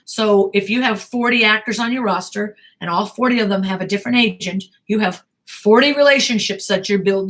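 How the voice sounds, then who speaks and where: A woman's voice: mid-range voice, a bit bright. An American woman, a talent manager and acting coach, giving blunt, emphatic advice to actors in a live Q&A talk.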